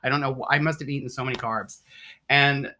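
Animated guest storyteller who laughs often. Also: mid-range voice, a little fast, slight background noise. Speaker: interview guest. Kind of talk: casual storytelling.

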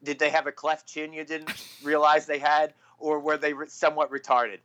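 A man's voice: a little high, flat delivery, moderate pace, pushed and bright. A man born in Philadelphia and raised in New Jersey, hosting a podcast with blunt, crude talk and heavy swearing. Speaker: podcast host. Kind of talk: casual podcast chat. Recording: slightly dull lo-fi sound.

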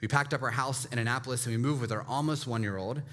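A pastor in his thirties delivers a sermon in a relaxed, conversational way, often checking in with his listeners. On key points he drops his voice low and quiet. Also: fast.

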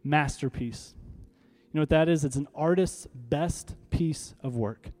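Speaking a little slowly in a darkish voice on the high side, a man preaches a sermon with faint music in the background. As pastor, he draws the congregation into call-and-response and rises to emphatic, rallying climaxes.

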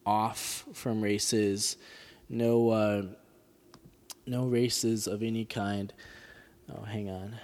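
A man in the middle pitch range hosts a comedic podcast. He reads in a deadpan, mock-serious way and adds sarcastic asides. His voice carries a long reverb tail. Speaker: podcast host.

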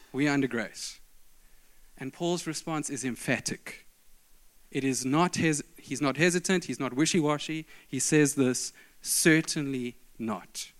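A middle-aged man preaching a sermon, telling stories with emphatic, varied delivery. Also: on the high side.

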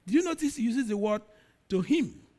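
A middle-aged man preaches a sermon in a high voice. His pitch swings widely as he reads scripture with dramatic emphasis, rising loud and then falling quiet. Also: animated, moderate pace.

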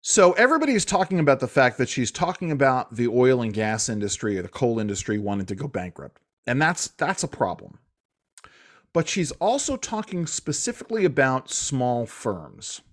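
A man hosting a political talk show, speaking in a halting way with many restarts and fillers. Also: medium pitch, sing-song. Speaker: radio talk show host.

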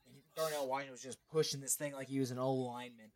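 Animated man chatting sports stats. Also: mid-range voice, fast. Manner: animated, rambling, reads stats aloud. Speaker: podcast co-host. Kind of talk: casual sports chat.

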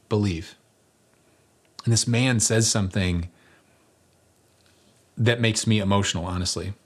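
A man preaching a conversational sermon as pastor, earnest and building to emphatic peaks, with touches of light humor. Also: fairly low pitch.

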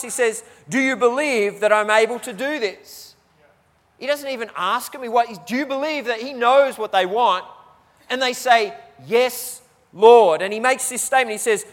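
Male pastor, high voice, preaching in a church hall with long reverb, repeats phrases for emphasis. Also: normal speed, fairly bright tone. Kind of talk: sermon.

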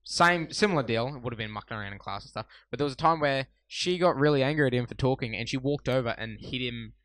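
A man's voice: medium pitch, fast, dry recording. Young aussie guy telling school stories on a podcast, sweary and loose, dry sound. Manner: storytelling, swearing freely, animated. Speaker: podcast co-host. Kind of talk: casual chat.

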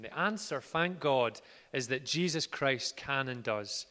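A man preaching a sermon in an earnest way, moving from quiet words to loud ones. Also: medium pitch, expressive, a little slow, hardly any pauses. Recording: reverberant hall.

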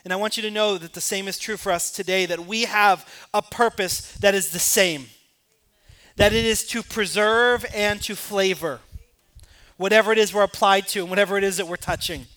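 High-voiced, bright, impassioned male preacher. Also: normal speed. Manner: impassioned preaching, rising to emphatic peaks and dropping to quiet asides. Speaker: pastor. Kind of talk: sermon.

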